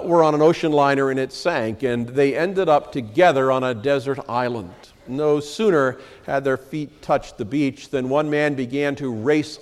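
A man's voice: mid-range voice, big-room sound. A middle-aged man preaching a sermon as pastor, reading scripture in earnest and talking it over with frequent "uh" fillers. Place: church sanctuary.

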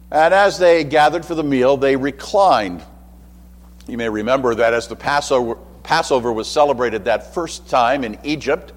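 A man's voice: medium pitch, long reverb tail. A man preaching a sermon in a conversational way, with asides and acted-out quotes.

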